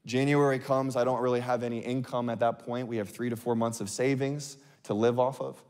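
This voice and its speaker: A man's voice: medium pitch, fairly even intonation, a little fast, a little mellow. Man preaching in a reverberant hall. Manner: candid, conversational storytelling with fillers like "like" and "um". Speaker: pastor. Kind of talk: sermon. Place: large church sanctuary. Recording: long reverb of a large hall.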